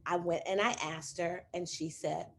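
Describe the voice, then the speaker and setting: A woman in an interview, a coaching client who tells her story lively, acting out quoted conversations. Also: normal speed, creaky. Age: adult with children. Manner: animated, acts out quoted dialogue with big pitch jumps.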